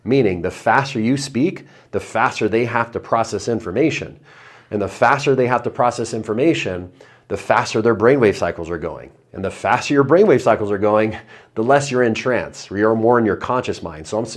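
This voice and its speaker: A man teaching hypnosis in a video lesson, chatty between guided breathing cues, then slowing into a low, drawn-out voice for suggestions. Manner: drops into slow low trance voice for suggestions; conversational, upbeat between demonstrations.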